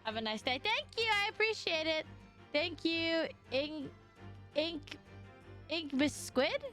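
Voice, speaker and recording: A woman's voice: high voice, lively intonation, slow, a bit bright, soft background music. A woman streamer giving casual, joking commentary over a game, blunt and swearing casually as she reacts.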